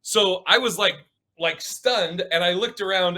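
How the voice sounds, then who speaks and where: A comedian from the Pacific Northwest telling stage stories in a casual interview, animated and often laughing. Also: male voice, sits high, normal speed. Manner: animated, laughing, acts out quotes. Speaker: stand-up comedian, guest.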